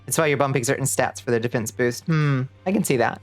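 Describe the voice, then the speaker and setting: A woman's voice: rumbling low, fast talker, soft background music. A woman streaming a video game, chatting casually with her viewers, laughing often and thanking them as she plays.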